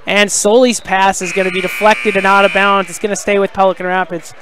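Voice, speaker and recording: Male play-by-play announcer, high voice, excitable, shouts on big plays, chatty asides, school gym. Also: a little fast, background noise. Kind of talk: live play-by-play commentary.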